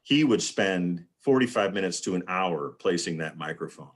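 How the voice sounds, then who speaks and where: He has a deep, expressive voice and speaks at normal speed. As a panel guest on a live video call, he rambles through a casual anecdote, acting out what others said.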